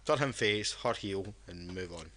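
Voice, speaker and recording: Tipsy podcast co-host, bright and rambling, tripping over his own words. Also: low-pitched, normal speed. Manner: rambling, with many restarts. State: drunk. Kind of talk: casual podcast chat.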